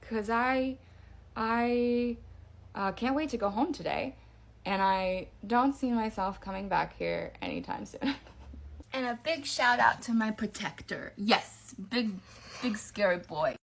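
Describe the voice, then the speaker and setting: A woman casually telling a true scary story about a night in her parents' backyard, with lots of fillers and vivid, animated retelling. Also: a little high, takes it slowly, gravelly. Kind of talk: casual first-person ghost story.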